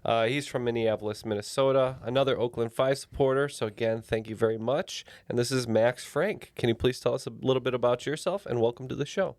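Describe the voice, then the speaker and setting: A man's voice: mid-range voice, a little fast, few pauses, darkish tone, no room sound. A man co-hosting a trivia podcast with jokey, upbeat banter. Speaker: podcast co-host and player.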